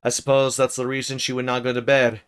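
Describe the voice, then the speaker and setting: A man voicing a gruff, harsh young master of the house who asks blunt, demanding questions, read aloud from a novel on a livestream. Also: medium pitch, monotone, fast, fairly bright tone, natural voice. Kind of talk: dramatic novel reading on a livestream.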